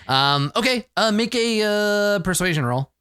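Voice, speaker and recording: A man running a tabletop game as game master, animated and laughing often as he narrates. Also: sits high, normal speed, clean tone, no echo, clean studio sound.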